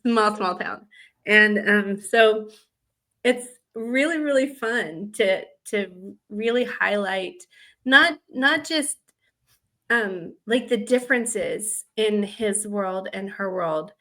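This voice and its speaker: A woman's voice: mid-range voice, slow, a bit bright. A woman who grew up in the American South chats about writing romance on a podcast. She rambles easily and leans on fillers as she thinks aloud. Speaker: podcast co-host and romance author. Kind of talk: casual chat.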